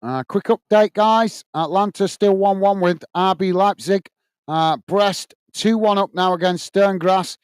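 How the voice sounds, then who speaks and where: A man hosts a live football watch-along in a casual, chatty way, greeting viewers and calling the action. His voice is smooth and slightly high. The sound is dry and close to the mic. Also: unhurried, no room sound. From United Kingdom. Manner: chatty, reads out viewer messages, calls play-by-play. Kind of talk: casual live commentary and chat reading.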